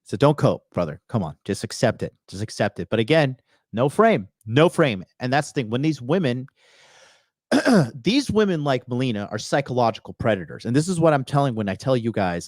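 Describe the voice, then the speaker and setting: A man's voice: mid-range voice, darkish tone, no echo, studio quality. A man hosting a reaction commentary, talking bluntly and scolding, often repeating a phrase several times for emphasis. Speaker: host of a dating advice channel.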